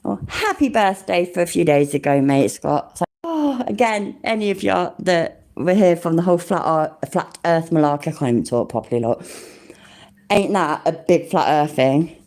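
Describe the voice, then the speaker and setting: Low mellow-voiced woman streaming. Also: animated, moderate pace. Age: 40s. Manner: swears a lot, exclaims loudly, reads chat aloud. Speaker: livestream host. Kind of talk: casual livestream chat.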